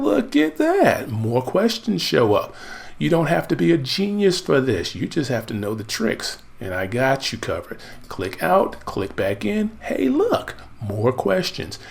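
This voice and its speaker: A gravelly-voiced American man gives a casual screen-share tutorial, narrating each search he types. His speech is loose and excitable, with a mid-range pitch and a bit of fry at the bottom of his voice. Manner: chatty, thinks aloud while typing, excitable. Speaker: marketing coach.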